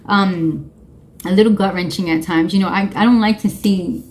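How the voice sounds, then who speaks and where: A woman talks straight to camera in a casual vlog chat. Her delivery is chatty and slangy, full of quick restarts and filler words. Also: medium pitch, steady tone, darkish tone. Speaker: vlogger.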